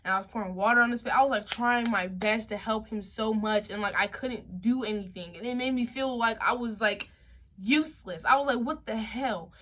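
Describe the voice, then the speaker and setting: Young woman spilling a wild story, slangy and animated, bright kinda high voice. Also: a little fast. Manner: animated, slangy, acts out quotes. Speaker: vlogger telling a story. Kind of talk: casual storytime.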